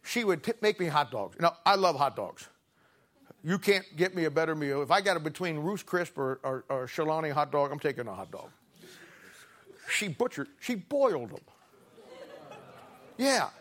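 A man's voice: a little high, very animated, moderate pace, long pauses, a bit bright, a faint crowd. A middle-aged man preaching a sermon, telling a homespun story with humor before turning to scripture. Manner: folksy, humorous storyteller who laughs through his anecdotes.

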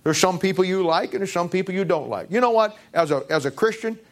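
A man preaching a sermon as pastor, pressing the congregation with repeated rhetorical questions, his pitch swinging from low to high. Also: fast talker. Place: church.

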